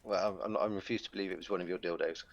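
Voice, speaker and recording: A man's voice: low-pitched, fairly even intonation, racing, highs cut off. A man joining a stream on voice chat, teasing his friend in a dry, joking way. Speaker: guest on voice chat. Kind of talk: casual voice-chat banter.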